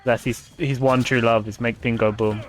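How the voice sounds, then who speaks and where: A man's voice: mid-range voice, level tone, moderate pace, soft background music. A young man streaming a video game, chatting casually in a rambling way and laughing often. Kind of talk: casual gameplay commentary.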